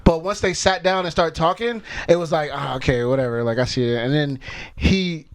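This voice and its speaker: High-voiced laid-back young man. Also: moderate pace. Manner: laid-back slang, many "yeah"s and "bro"s. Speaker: podcast co-host. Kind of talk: casual chat.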